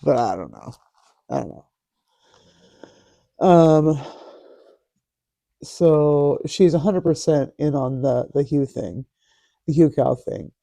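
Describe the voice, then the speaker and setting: Sarcastic man, very dark mellow voice. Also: on the high side, slow, creaky, long pauses, no room sound. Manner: sarcastic, mocking. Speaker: host. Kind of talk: casual commentary reading posts aloud.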